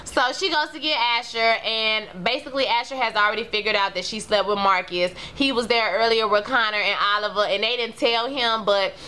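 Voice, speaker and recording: Animated, blunt woman recapping TV. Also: a little high, a little fast, hardly any pauses, clear, resonant tone. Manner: animated, slangy and blunt, with outbursts. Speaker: TV episode recapper. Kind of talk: casual TV recap.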